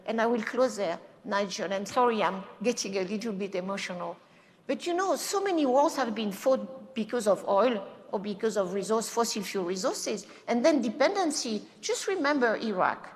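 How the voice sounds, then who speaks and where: A woman speaking on a conference panel, impassioned, with halting non-native phrasing. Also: mid-range voice, lively intonation. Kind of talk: panel discussion. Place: conference hall. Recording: long hall reverb.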